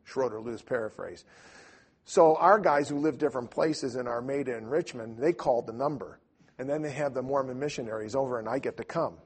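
An older man telling a story casually, rambling and animated, with lots of restarts. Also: mid-range voice, a little fast, husky.

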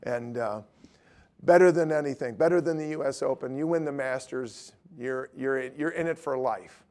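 A middle-aged man, an evangelist, preaching through lively anecdotes and acting out the dialogue. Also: mid-range voice, normal speed. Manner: lively storytelling, acts out dialogue.

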